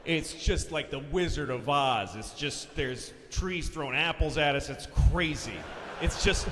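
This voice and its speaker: A man doing stand-up comedy, telling a story with animated, profane delivery that breaks into shouts. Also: on the high side, a little slow. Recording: long-reverb theater hall, faint noise.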